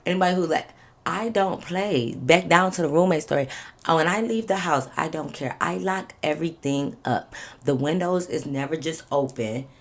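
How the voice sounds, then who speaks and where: A woman with a notably low, deep speaking voice spins a storytime for her channel. She talks casually and animatedly, swearing freely and slipping into other people's lines as she goes. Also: normal speed. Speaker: vlogger telling a storytime.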